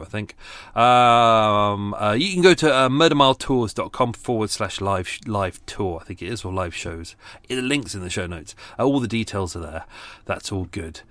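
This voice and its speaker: A man's voice: lowish voice, a bit bright, dry recording. A middle-aged man hosting a podcast in a casual, rambling chat full of fillers and restarts, talking outdoors by his boat. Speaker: podcast host.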